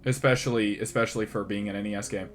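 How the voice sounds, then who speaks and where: A man's voice: fairly low pitch, steady tone, fast, faint music behind. A man co-hosting a casual chat about video games, rambling, with many restarts and laughs. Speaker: podcast co-host.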